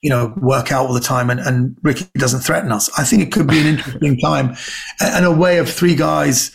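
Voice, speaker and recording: A man's voice: medium pitch, brisk, gravelly. A man, a comedian guest, telling stories in casual chat and acting out the people in them. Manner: animated storyteller acting out quoted people.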